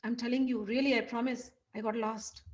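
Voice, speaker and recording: A woman's voice: fairly high pitch, steady tone, brisk, dull audio, natural voice. A woman voicing a pleading young god-lover. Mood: coaxing. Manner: pleading, begging for forgiveness.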